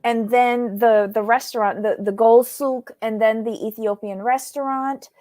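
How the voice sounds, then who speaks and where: A woman with a fairly high voice talks slowly and casually through her show recap. She rambles, fills gaps with ums and starts sentences over. The recording is dry and close. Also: steady tone, dark tone, no room sound. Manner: chatty, rambling with fillers and restarts. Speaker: podcast co-host.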